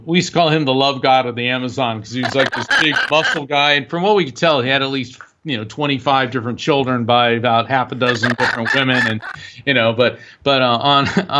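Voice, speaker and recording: A man being interviewed as a guest author, telling an animated anecdote that is full of fillers and restarts. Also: mid-range voice, dull audio, noisy background. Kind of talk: storytelling interview.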